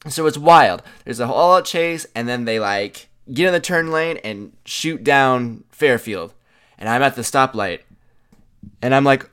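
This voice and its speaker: Young man, casual storytelling, animated and chatty, medium pitch, smooth voice. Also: normal speed. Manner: animated, chatty, filler-heavy with "like".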